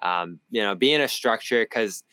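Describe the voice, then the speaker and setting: A man's voice: on the low side, normal speed, clear, resonant tone, no echo. A man with a Boston accent, a sports reporter talking basketball in a casual postgame show, telling stories with laughter. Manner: animated storyteller, laughs often. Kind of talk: casual postgame podcast chat.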